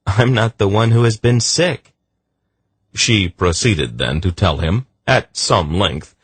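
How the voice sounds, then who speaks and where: A man reading a fantasy novel aloud as an audiobook narrator, measured and gentle. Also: deep voice, husky, no echo. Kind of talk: scripted narration.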